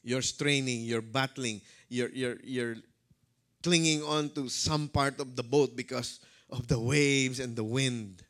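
A male pastor preaching a sermon, dramatic, swinging between loud calls and hushed words. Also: mid-range voice, steady tone, slow pace.

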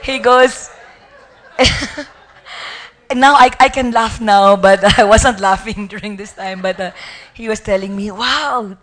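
A woman's voice: medium pitch, fairly even intonation, takes it slowly, long pauses, a bit bright. Chatty Filipino woman in her forties. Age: 40s. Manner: chatty, laughs often, switches between English and Tagalog; polite, peppers speech with respectful particles. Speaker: church member giving testimony. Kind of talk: personal faith testimony.

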